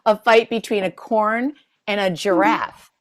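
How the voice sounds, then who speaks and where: A woman's voice: mid-range voice, measured pace. A woman playing an improv pun game, delivering setups and punchlines playfully and laughing as she goes. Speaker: improv player.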